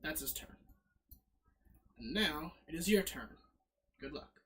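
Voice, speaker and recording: Give me a lively man casually narrating a card game as game master. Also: on the high side, slow. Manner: lively, fumbling with slides, self-correcting.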